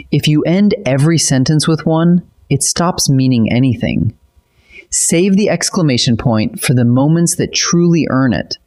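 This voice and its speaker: Man calmly narrating a grammar lesson. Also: mid-range voice. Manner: steady, clear explanatory delivery. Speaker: teacher.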